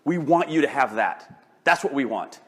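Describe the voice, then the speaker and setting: An older man giving a live motivational talk, animated and joking, often restarting his sentences. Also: mid-range voice, moderate pace, husky. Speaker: motivational speaker.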